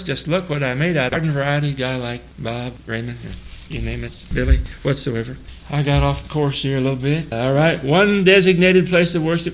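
A man's voice: on the high side, a bit bright, poor audio. Folksy older man teaching the Bible. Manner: chuckles often, homespun asides, reads scripture slowly.

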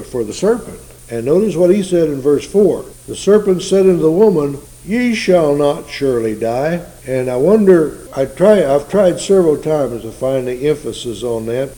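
A man's voice: fairly high pitch, dark tone, rough recording. A man preaching a sermon in a folksy, conversational teaching style, asking his listeners rhetorical questions.

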